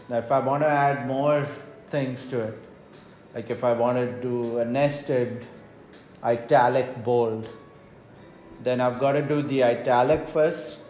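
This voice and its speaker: A man teaching a screen-recorded coding tutorial, explaining each step slowly and checking in with the listener. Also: mid-range voice, darkish tone. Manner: unhurried, explains step by step with frequent "right?" checks. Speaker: math teacher. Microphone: voice-over on tablet whiteboard recording.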